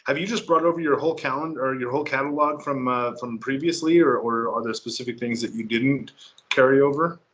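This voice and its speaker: A man hosting a casual interview over a video call, halting and repeating words as he searches for them. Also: medium pitch, a bit bright, highs cut off, a little hiss or hum. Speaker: podcast host.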